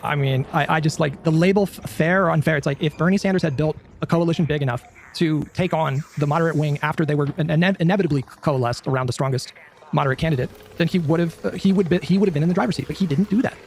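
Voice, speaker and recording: A man's voice: fairly high pitch, fast, vocal fry, slight background noise. A man on a podcast panel, arguing emphatically and repeating words as he pushes his point. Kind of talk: heated podcast debate.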